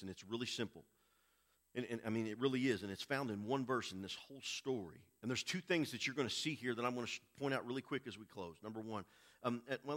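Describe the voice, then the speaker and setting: Guy preaching, bright clear voice, goes hushed then loud. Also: medium pitch. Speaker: pastor. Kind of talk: sermon.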